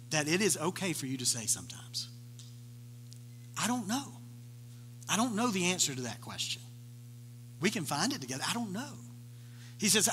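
A high, bright-voiced man preaching a sermon, telling the story with lively, acted-out voices. His voice rings through a long reverberant church hall. A faint electrical hum sits under it. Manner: animated storytelling, acting out voices of the people in the story. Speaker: pastor.

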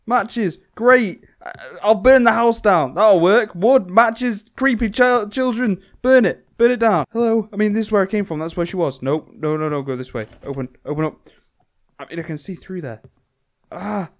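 A young man with a high voice talks his way through a horror game. He mutters nervously to himself, then breaks into panicked yelling when something jumps out. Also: moderate pace. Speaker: gaming YouTuber.

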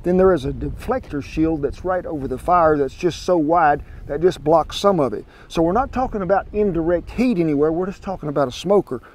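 Through a wireless clip-on mic, a Southern American man hosting a cooking show outdoors at a smoker grill chats warmly and homespun to the folks watching. His voice is fairly high and a little mellow, running a bit fast with few pauses.

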